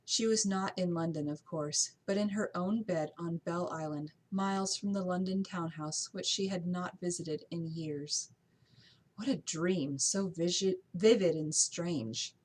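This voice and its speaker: A woman reads a novel aloud in a steady amateur audiobook style, now and then stumbling and restarting a word. Her voice sits fairly low and has a husky, breathy grain. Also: unhurried, poor audio. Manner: steady reading with occasional slips and restarts. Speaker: narrator.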